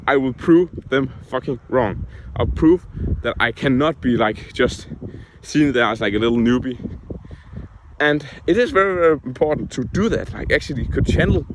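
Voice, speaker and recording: A man's voice: mid-range voice, a bit bright, a little hiss or hum. Young man venting in a casual vlog. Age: young adult. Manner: frank, heated, swears often. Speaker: vlogger.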